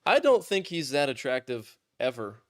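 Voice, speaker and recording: Twenties male podcast host, medium pitch, rambling and self-deprecating, casual swearing. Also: big pitch swings, moderate pace. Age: 20s.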